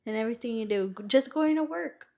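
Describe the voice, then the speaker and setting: A young woman co-hosting a podcast, telling embarrassing stories in animated casual chat, swearing often and laughing as she goes. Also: a little high, fast, vocal fry. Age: young adult. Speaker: podcast co-host, youngest sister.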